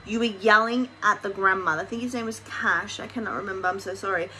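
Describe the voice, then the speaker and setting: A woman's voice: medium pitch, fast, background noise. A woman hosting a commentary video, criticizing bluntly with some swearing. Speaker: commentary YouTuber. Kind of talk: commentary vlog.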